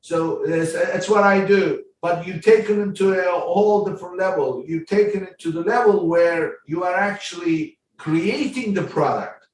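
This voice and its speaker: A man hosting a podcast, explaining slowly and deliberately in a casual way, often restarting his words. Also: sits high. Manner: slow, deliberate explaining with repeated starts. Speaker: podcast host. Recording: echoey room, voice far from the mic, faint background hum.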